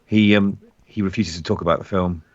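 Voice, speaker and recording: A man co-hosting a casual film watch-along, explaining background trivia in a relaxed way. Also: deep voice, fairly quick, no room sound, lo-fi sound. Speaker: podcast co-host.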